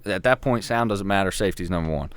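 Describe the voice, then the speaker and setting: A man telling a hunting story in casual podcast chat, swearing freely and getting animated as he talks. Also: sits low, quick pace, smooth, dry recording. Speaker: podcast co-host.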